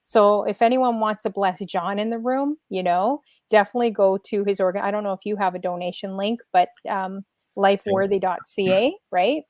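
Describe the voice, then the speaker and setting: A woman's voice: medium pitch, normal speed, a little mellow, no echo, studio quality. A woman hosting a live video stream, chatting casually and emotionally, rambling with many fillers. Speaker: livestream host. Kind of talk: casual livestream chat.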